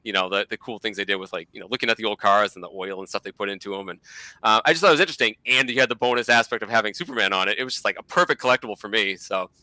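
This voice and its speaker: A man with a Boston accent talks at a quick clip in a relaxed interview, rambling from point to point with many fillers. His voice is very bright and cutting, and the recording is dry and close. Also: fairly low pitch, dry recording. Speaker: guest collector. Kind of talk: casual chat.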